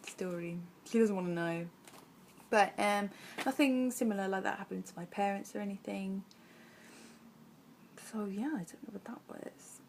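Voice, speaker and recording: Young woman vlogging, casual rambling storytelling, lots of likes and ums, mid pitch. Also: steady tone, moderate pace, a little hiss or hum. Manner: chatty and rambling, full of "like" and "um".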